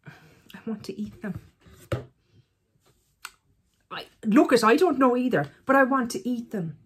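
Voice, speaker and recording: Chatty woman with a husky voice. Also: on the high side, lively intonation, normal speed. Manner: chatty, self-teasing, talks to herself. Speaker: beauty vlogger. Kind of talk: casual chat reviewing eyeshadows.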